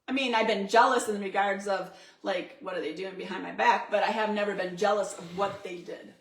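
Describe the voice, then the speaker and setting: A woman's voice: medium pitch, fairly even intonation, brisk, vocal fry. Chatty woman laughing in an echoey room. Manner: chatty, laughs often while telling stories. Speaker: co-host. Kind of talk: casual chat.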